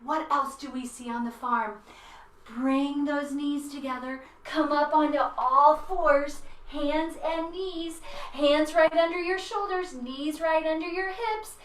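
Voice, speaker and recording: A woman's voice: high voice, steady tone, takes it slowly. A woman guiding a children's yoga class in a playful, encouraging way. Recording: roomy echo, mic at a distance.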